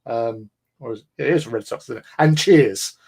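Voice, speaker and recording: English man, livestream host, casual rambling chat, mid-pitched, lots of ums. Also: moderate pace, gravelly, a little mellow, slightly rough. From England. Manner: rambling, chatty, many fillers.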